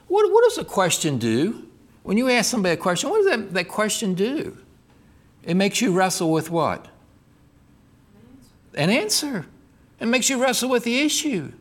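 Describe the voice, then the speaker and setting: Here the middle-aged preacher speaks in a high voice at a moderate pace, pausing often. He voices scripture and God's lines with feeling and questions the congregation throughout his sermon.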